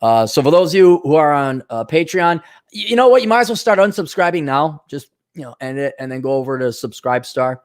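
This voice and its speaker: A blunt, sarcastic man from the Milwaukee area rants straight to camera in a casual vlog. His voice sits a little high for a man. He jumps between jokes, complaints and asides. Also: lively intonation, fairly quick. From Milwaukee area, USA. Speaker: vlogger. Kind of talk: casual ranting monologue.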